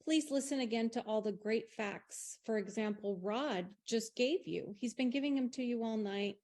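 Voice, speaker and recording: A woman's voice: fairly high pitch, normal speed, darkish tone. A woman bluntly accusing city council members during public comment.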